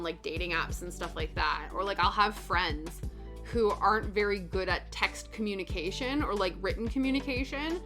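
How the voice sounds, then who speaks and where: Woman streamer, casual rambly chat, middle pitch, soft music under her. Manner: chatty, rambling, lots of "like" and acted-out quotes. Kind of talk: casual chat while cross stitching, reading chat. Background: soft background music.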